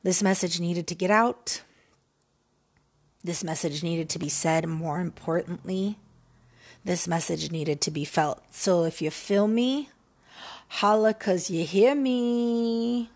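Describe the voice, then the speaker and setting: A woman hosts a solo podcast in a casual, talkative monologue. Her voice has a gravelly edge and a husky grain. She speaks with emphasis, circling back on her own phrases and slipping in jokes. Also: fairly low pitch, a little slow. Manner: animated, emphatic, repeats phrases, jokey. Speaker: podcast host.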